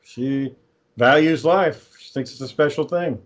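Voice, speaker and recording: A man's voice: on the high side, measured pace. A young adult man co-hosting a casual chat, rambling through stories and swearing freely. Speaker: podcast co-host.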